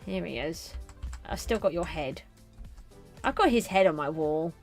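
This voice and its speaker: A woman's voice: lowish voice, expressive, a little slow, faint music behind. A middle-aged woman streamer chatting casually to viewers while she plays a game. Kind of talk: casual live gameplay commentary.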